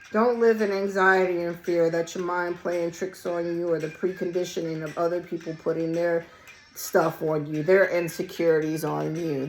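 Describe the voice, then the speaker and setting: A hoarse woman, losing her voice, giving a casual collective tarot reading in a blunt, emphatic way and swearing freely. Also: on the low side, rough recording. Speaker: tarot reader. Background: song playing quietly.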